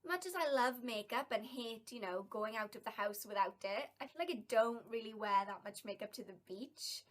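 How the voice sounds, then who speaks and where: A woman's voice: fairly high pitch, normal speed. A young woman from South Wales with a Welsh accent, chatting and rambling casually in a vlog tag video. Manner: chatty and rambling, with bright bursts of emphasis. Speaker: vlogger.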